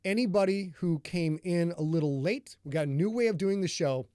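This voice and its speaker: Chatty man with a higher voice. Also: brisk, darkish tone, clear, resonant tone, no echo, studio quality. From northern Michigan. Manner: rambling and chatty, greets viewers in chat. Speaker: author hosting a live podcast reading. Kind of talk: casual chat with a live stream audience.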